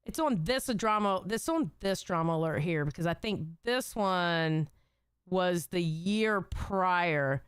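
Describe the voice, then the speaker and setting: A woman's voice: fairly low pitch, lively intonation, slow, clean tone, dry recording, studio quality. A woman streamer reacting to clips in a chatty way, exclaiming and swearing freely.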